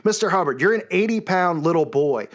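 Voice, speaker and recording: Channel host, male, high voice, scornful yelling rant. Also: lively intonation, fairly quick. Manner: yells and raises his voice, scornful. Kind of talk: angry monologue rant.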